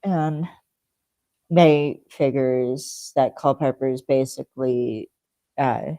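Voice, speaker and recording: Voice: medium pitch, steady tone, slow, warm tone, no echo. A podcast co-host recapping a TV episode in casual chat, rambling with lots of fillers and acting out the characters' lines.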